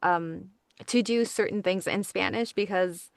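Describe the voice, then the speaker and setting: A woman's voice: medium pitch, measured pace, vocal fry, no echo. A woman co-hosting a podcast, sharing her own experiences in an earnest way. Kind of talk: casual interview chat.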